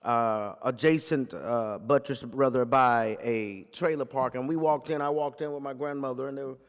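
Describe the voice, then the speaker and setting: A man, a pastor, giving a talk full of storytelling in a preaching cadence, repeating phrases and building to forceful peaks. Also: mid-range voice, normal speed, clean tone, long reverb tail.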